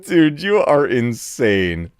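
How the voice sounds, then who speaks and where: Gaming streamer, male, lively delivery, dry close-miked sound, chatty and excitable. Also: mid-range voice, slow, clean tone, dry recording. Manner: excitable, laughs often, talks to chat. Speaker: gaming channel host. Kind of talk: casual live-stream chat. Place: home room.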